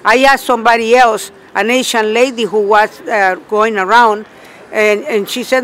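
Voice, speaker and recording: A man's voice: sits high, steady tone, normal speed, a little hiss or hum. A man, a union member protester, telling an angry story outdoors in a street interview, repeating himself and quoting his own retorts. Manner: indignant, repeats himself, quotes himself loudly.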